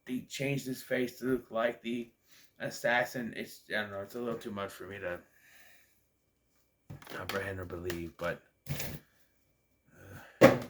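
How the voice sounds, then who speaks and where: A man's voice: lowish voice, fairly even intonation, unhurried, pauses often, heavy background noise. A sleepy man ranking movies in a casual vlog, rambling with lots of fillers and trailing off. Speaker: movie reviewer.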